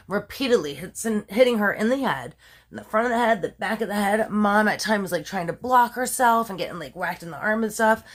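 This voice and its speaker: A woman casually retelling a true crime story, chatty and full of asides, laughing at her own dramatic telling. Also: fairly low pitch.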